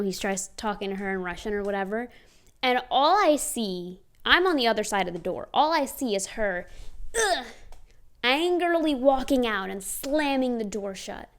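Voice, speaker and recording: Chatty young woman telling stories. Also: medium pitch. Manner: chatty, emphatic, sardonic asides. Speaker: vlogger. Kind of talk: casual storytelling to camera.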